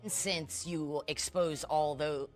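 A woman's voice: low voice, steady tone, slow pace, soft background music. A woman playing a rambling, conspiracy-minded fan in a comedy sketch, talking in scattered bursts. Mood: giddy.

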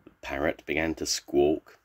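An older man reading a children's storybook aloud in a slow, expressive way. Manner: slow and expressive, with lots of pitch swings.

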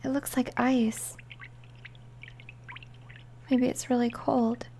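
A woman giving gentle, hushed gameplay commentary, often slipping into a whisper. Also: on the high side, level tone, takes it slowly, a little hiss or hum. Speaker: gamer. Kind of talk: soft-spoken gameplay commentary.

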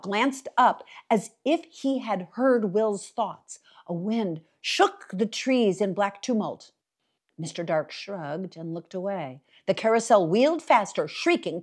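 A woman reading a novel aloud for a library reading series, with expressive, dramatic storytelling. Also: medium pitch. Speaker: library reader.

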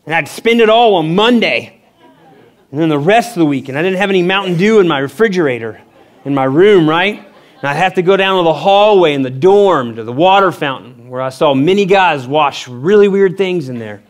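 Preaching as a pastor, a middle-aged man recounts something that happened to him, speaking neither fast nor slow. His telling is animated, with voices acted out through sharp pitch jumps.

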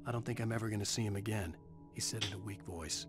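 A man voicing the narrator of a game's story scenes, reading scripted narration in a measured way. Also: lowish voice, lightly acted. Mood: somber. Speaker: narrator of game cutscene. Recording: game audio with music behind. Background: music.

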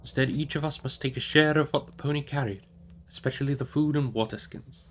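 A grave old wizard speaks in measured, solemn tones, as a man reading the book puts him on. He sounds commanding and weighty, a fantasy audiobook elder giving orders with care. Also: mid-range voice, slight background noise, lightly acted.

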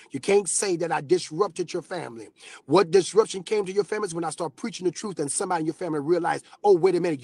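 A man preaching a fervent sermon that swells into shouted exclamations. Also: on the high side, breathy edge, dry recording. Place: sitting in his car.

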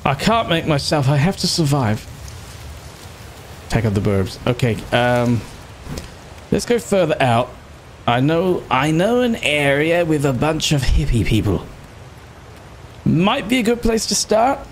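A British man giving casual, excitable gameplay commentary, sarcastic and quick to swear. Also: medium pitch, slight background noise. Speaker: gaming streamer.

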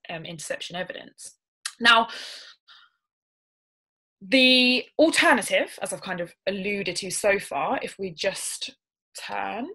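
A young woman, a barrister, giving a careful webinar talk on a point of law, pausing often with ums and restarting her sentences. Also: on the low side, bright, forceful tone, rough recording. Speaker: barrister presenting a legal webinar. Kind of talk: webinar presentation.

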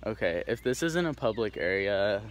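A man's voice: lowish voice, big pitch swings, normal speed. A young man from the Pacific Northwest, vlogging casually while walking through a neighborhood, rambling with lots of fillers and restarts. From Tacoma, Washington, USA. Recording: faint outdoor background noise.

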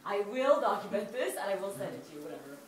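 A woman's voice: medium pitch, sing-song, fast. Giggly woman speaking in an echoey hall. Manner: hesitant, giggly, full of fillers. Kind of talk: casual party speech. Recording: echoey hall from far off, crowd noise.

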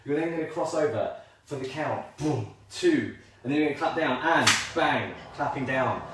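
Here a man's mid-range, somewhat bright voice comes at a normal speed from a distant mic, in a very echoey room with faint background noise. Dancing along as he leads a live line dance lesson from home, he calls counts rhythmically, keeps things upbeat, and pokes fun at himself.

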